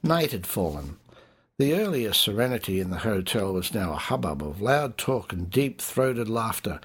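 A man's voice: lowish voice, very animated, normal speed, slightly rough. Man narrating a memoir. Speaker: audiobook narrator. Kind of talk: first-person memoir narration.

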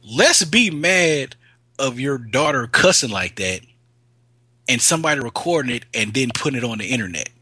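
A man's voice: medium pitch, animated, normal speed, bright, forceful tone, husky, no room sound. A man in casual podcast banter, loose and profane, laughing often and getting riled up. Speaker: co-host.

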